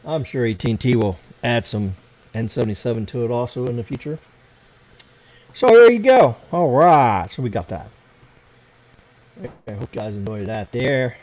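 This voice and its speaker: Medium in pitch and a little mellow, his voice moves at a moderate pace over poor audio. He's an American livestream host on a casual late-night stream, rambling and cursing while he fusses with his computer.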